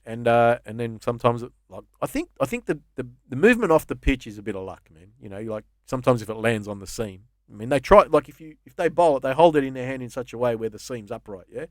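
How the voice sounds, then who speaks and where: A quick-talking Australian man in his fifties tells loose, profane stories as a guest on a casual podcast. His pitch sits in the middle range. The recording is dry and close, with no room sound. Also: animated, no echo. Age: 50s. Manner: swearing, rambling storyteller. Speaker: guest comedian.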